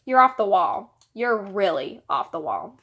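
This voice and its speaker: Brief: woman voicing a sardonic preteen boy, lively delivery. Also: mid-range voice, measured pace, full character voice. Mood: teasing. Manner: dry, teasing. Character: wry older brother, about twelve.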